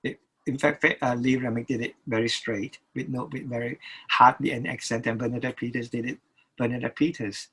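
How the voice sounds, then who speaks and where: A man's voice: mid-range voice, steady tone, fairly bright tone, husky, poor audio. An older man, a record producer, talking as an interview guest, stopping and restarting his sentences often. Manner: halting, many restarts and repeated words.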